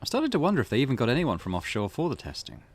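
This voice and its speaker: A man hosting a let's play, reading in-game notes aloud and muttering relaxed asides as he explores. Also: medium pitch, very fast. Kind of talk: gameplay commentary.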